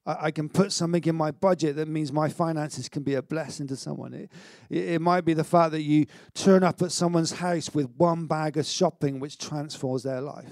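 A middle-aged man preaching a sermon in an energetic, conversational way, with stammered restarts and self-mocking humour. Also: a little high, normal speed, few pauses, dry recording, studio quality. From Wales. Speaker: pastor.

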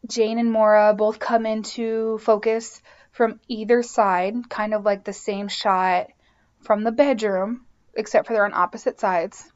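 A woman's voice: mid-range voice, level tone, measured pace, clear, resonant tone, lo-fi sound. Chatty woman recapping a TV episode. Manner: chatty, lots of "like" and "um". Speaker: podcast host.

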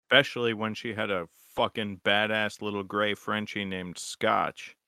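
A man's voice: fairly low pitch, fairly even intonation, moderate pace, sharp tone, clean tone, no room sound, studio quality. A man co-hosting a podcast in casual chat, making wry remarks and keeping the show on track. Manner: wry, keeps the show on track with time checks. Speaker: podcast co-host.

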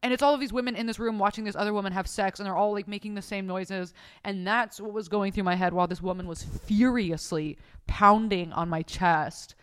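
Young woman podcasting from her bed, swears a lot, smooth clear voice right up on the mic. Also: medium pitch, fairly quick. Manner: profane, animated, acts out voices in her stories. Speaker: podcast host. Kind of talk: casual storytelling chat. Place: bedroom at home. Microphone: close mic in front of her face.

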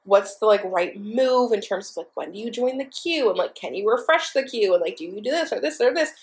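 A young woman hosting her own podcast, telling a story in an excitable, profane, breathless way. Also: mid-range voice, a little fast. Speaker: podcast host. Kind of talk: casual storytelling monologue.

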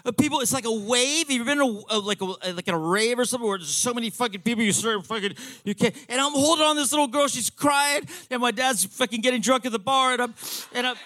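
Man, fifties, comic storyteller; bright, sharp tone, excitable and profane, tripping over his own restarts. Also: very high-pitched, quick pace, hardly any pauses, no echo.

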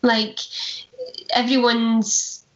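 A woman's voice: a little high, little pitch movement, extremely slow, fairly bright tone. A young Glaswegian woman, a stage performer, telling anecdotes in a chatty way, laughing often and acting out quotes. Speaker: musical theatre performer, guest. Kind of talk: casual chat, anecdotes. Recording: roomy, dull lo-fi sound.

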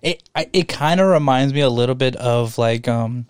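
A man's voice: mid-range voice, normal speed, smooth, no echo, clean studio sound. A young man co-hosting a podcast in casual chat, loose and profane, laughing often. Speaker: podcast co-host.

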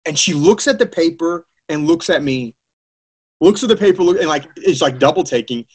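A man preaching a sermon, telling his own story in a lively way and acting out the voices of the people he quotes. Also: a little high, moderate pace, breathy edge. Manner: animated, acts out quoted voices, many fillers. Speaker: preacher giving his testimony.

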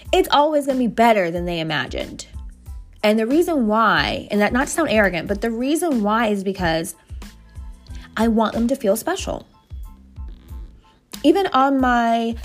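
Chatty higher-voiced woman podcaster. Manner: lively, chatty, lists things quickly. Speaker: podcast host, brand designer. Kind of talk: casual solo podcast advice. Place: home office.

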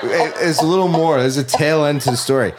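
A man's voice: fairly high pitch, fairly quick, very noisy. A middle-aged man on a podcast, telling a crude story in a rambling way and acting out his own reactions. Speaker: podcast guest. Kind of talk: casual comedic storytelling.

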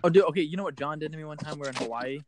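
A young man in a casual chat with friends, excitedly telling an anecdote and laughing. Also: a little high, very fast. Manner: loud, laughing, excited retelling. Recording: call audio with clear background noise.

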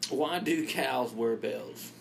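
A man's voice: medium pitch, slow, gravelly, heavy background noise. A man co-hosting a casual podcast, firing off crude one-liner jokes, swearing and laughing a lot. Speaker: podcast co-host. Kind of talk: casual joke-trading chat.

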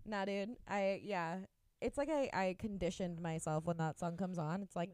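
A woman's voice: fairly low pitch, moderate pace, darkish tone, dry recording, clean studio sound. A young woman co-hosting a casual podcast from home, talking loosely and swearing freely. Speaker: podcast co-host.

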